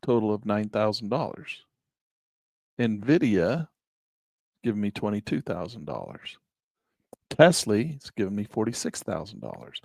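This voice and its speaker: Gravelly, chatty man talking stocks. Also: fairly low pitch, big pitch swings, normal speed, pauses often, darkish tone, dry recording. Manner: chatty, folksy, self-amused. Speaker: investing vlogger. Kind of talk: casual screen-share commentary.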